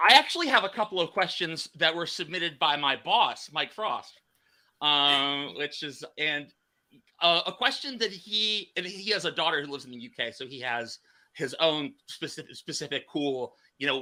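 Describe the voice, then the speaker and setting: An American man hosting a casual chat, asking questions in a halting way with many fillers. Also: a little high, lively intonation, bright, forceful tone. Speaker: podcast host.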